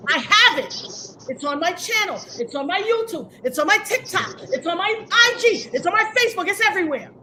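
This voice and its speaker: A woman with a very high, sharp and bright voice delivers a heated livestream rant. She is defiant and emphatic, leaning into a preachy cadence as she calls people out. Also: animated, brisk, a little hiss or hum.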